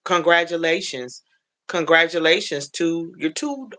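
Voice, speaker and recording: A woman hosting a casual livestream on her phone, chatting warmly with viewers she calls baby and honey, greeting each one by name. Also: low-pitched, a little slow, pauses often. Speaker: livestream host.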